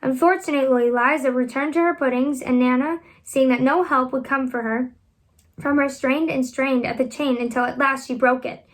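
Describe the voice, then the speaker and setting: A woman reading a children's classic aloud at home, expressive and animated, lifting her voice for the children's lines. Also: sits high, moderate pace. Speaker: reader.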